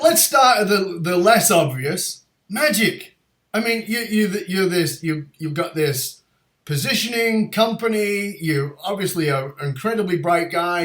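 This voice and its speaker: A man in his fifties hosts an interview with a fairly high voice, telling stories with lively energy and frequent laughter. The sound rings in a roomy, echoey space. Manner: lively storyteller, laughs often. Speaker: podcast host. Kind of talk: casual interview chat. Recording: roomy echo.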